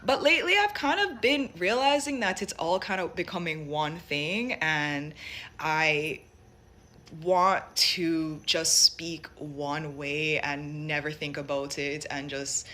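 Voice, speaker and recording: A woman's voice: low-pitched, bright, forceful tone. A young woman from Jamaica with a light Jamaican accent blended with American, musing thoughtfully with many fillers and restarts. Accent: light Jamaican mixed with American. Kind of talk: personal reflective monologue.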